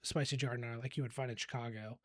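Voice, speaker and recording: A man's voice: mid-range voice, steady tone, very fast, a bit bright, no room sound. Easygoing man chatting on a dry mic. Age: around 40. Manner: rambling, easygoing, laughs often. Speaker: podcast co-host. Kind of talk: casual chat.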